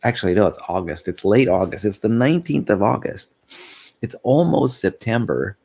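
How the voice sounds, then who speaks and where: A sleepy vlogger with a lowish voice and vocal fry talks expressively at a moderate pace. Tired and casual, he drifts off topic, yawns and chuckles softly when he loses his train of thought.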